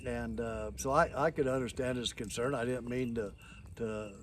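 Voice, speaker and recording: A man's voice: medium pitch, fairly even intonation, moderate pace, slight background noise. An older man telling a story in a casual, rambling, folksy way, with frequent chuckles.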